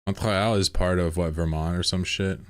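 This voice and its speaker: A man with a deep, low-pitched voice, chatting with his stream viewers while he plays. He rants in a sarcastic, mock-indignant way. The sound is close and dry, with almost no room around it. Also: fairly even intonation, moderate pace, no room sound. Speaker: game streamer. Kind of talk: casual livestream banter with chat.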